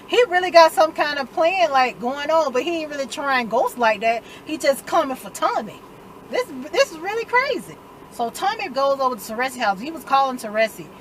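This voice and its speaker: Woman chatting through a show recap, kinda high voice, acts out the characters, faint noise behind. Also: low-quality recording. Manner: animated, retells scenes in quoted voices. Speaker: TV recap vlogger. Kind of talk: casual recap chat.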